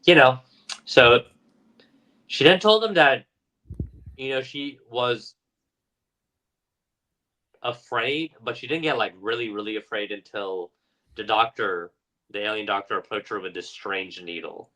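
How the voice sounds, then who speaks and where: A man's voice: medium pitch, a little slow, pauses often, sharp tone, rough recording. A man co-hosting a podcast, casually retelling a story with lots of fillers and acting out the people in it. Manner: loose, filler-heavy retelling with acted-out quotes.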